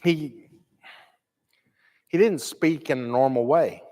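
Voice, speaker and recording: Storytelling preacher in a reverberant church. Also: male voice, on the high side, slow pace. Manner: animated storytelling, acting out quotes. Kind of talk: storytelling sermon. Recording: long reverb of a church hall.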